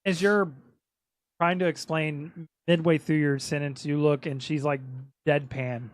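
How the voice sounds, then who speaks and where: Brief: male game master, slightly high voice, loose and chatty, dry close mic. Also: steady tone, measured pace, no room sound. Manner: casual, laughing, stumbling over words. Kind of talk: narrating a tabletop game.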